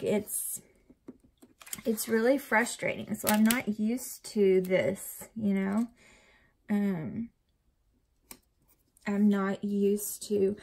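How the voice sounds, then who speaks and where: A woman's voice: medium pitch, darkish tone. A young woman vlogger chatting casually and rambling while decorating a planner. She sounds tired and uncomfortable and often drops to a near whisper.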